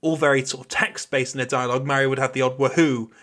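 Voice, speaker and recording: A man's voice: medium pitch, steady tone, fast, a bit bright. A man hosting a podcast, chatting casually and rambling through his thoughts. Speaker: podcast host.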